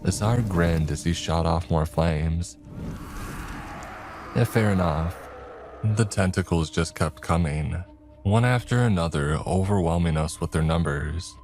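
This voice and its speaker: A man giving a measured, dramatic scripted narration of a horror story. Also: low-pitched, darkish tone. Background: faint music.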